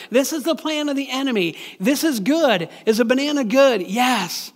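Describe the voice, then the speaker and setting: High-voiced man preaching in a big hall. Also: lively intonation, moderate pace, hardly any pauses. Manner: conversational, plain-spoken preaching with frequent restarts. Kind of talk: sermon.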